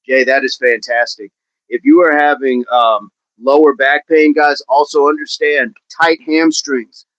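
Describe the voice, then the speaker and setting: A man's voice: mid-range voice, steady tone, measured pace, a bit bright, no echo. A man coaching fitness on a livestream, talking with viewers in an upbeat, encouraging way and often repeating his phrases. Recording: dull, dry livestream audio.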